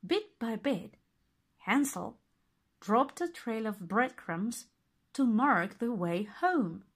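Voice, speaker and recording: Slow, expressive woman reading a fairy tale. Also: fairly high pitch. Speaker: narrator. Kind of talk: storybook reading.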